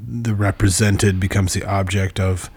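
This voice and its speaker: A man casually explaining a philosophy text, halting and restarting often, with many fillers. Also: sits low, fairly even intonation, a little mellow, breathy edge.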